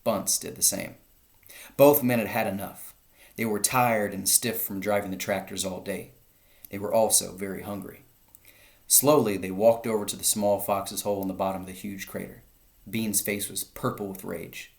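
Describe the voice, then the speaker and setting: A man, a teacher, reading a children's story aloud to his class, lifting his voice for the shouted lines. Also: on the low side, fairly even intonation, normal speed, vocal fry.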